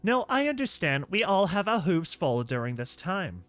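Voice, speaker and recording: A man's voice: sits high, big pitch swings, normal speed, a bit bright, dry recording, faint music behind. A man voicing an earnest young female pony princess in a comic dub, who speaks up to take charge.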